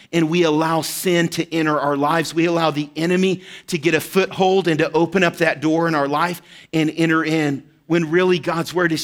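With a high-pitched, fairly bright tone, this man, likely thirtyish, delivers a sermon as a pastor. He tells personal stories conversationally and sprinkles in frequent "right?" asides.

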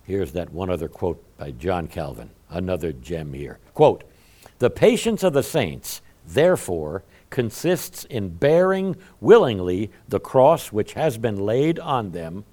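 A man preaching a sermon in a folksy, conversational way, often swinging from quiet asides to loud emphatic lines. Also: low voice, sing-song, a little slow.

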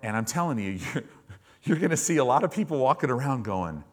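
A man's voice: mid-range voice, big pitch swings, fairly quick. A man preaching a sermon as a pastor, telling stories and acting out the voices of the people he quotes, while the congregation calls back in the church service.

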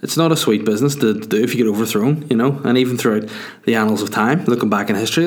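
A man's voice: fairly low pitch, rapid-fire. A man hosting a podcast, telling a rambling comic story full of swearing, with constant "you know" and "do you know what I mean". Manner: profane, joking, digressive storytelling. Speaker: podcast host.

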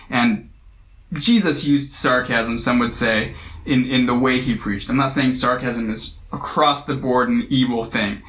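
A man's voice: medium pitch, a bit bright, reverberant, rough recording. A man leading a casual Bible study, talking conversationally, often repeating himself and checking in with "right?".

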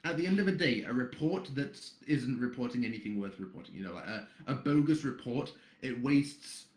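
A man's voice: mid-range voice, lively intonation, fairly quick, a little mellow, roomy sound. A man who moderates a site, chatting bluntly on a podcast and swearing freely as he rambles along. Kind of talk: casual podcast chat.

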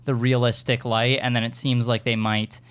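A man co-hosting a casual pop-culture chat, easygoing and measured. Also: medium pitch, flat delivery, a little hiss or hum. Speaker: podcast co-host.

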